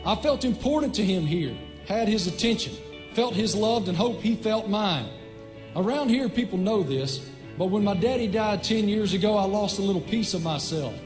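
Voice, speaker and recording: A man's voice: high-pitched, animated, moderate pace, darkish tone. Man reading a heartfelt letter over music. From Virginia. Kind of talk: read letter on television.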